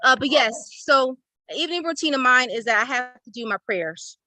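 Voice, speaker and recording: A woman's voice: sits high, lively intonation, normal speed, pushed and bright, rough recording. A woman on a video call giving a heartfelt, tearful testimony of gratitude, effusive and emotional. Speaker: participant in an online class. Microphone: laptop or phone on a video call.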